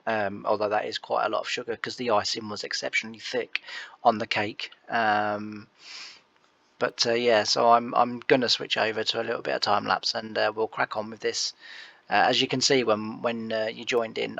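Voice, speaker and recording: A man's voice: medium pitch, creaky, a bit bright, no echo, dull audio. A man chatting and rambling in self-mocking commentary while playing a farming game. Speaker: farming game let's-player.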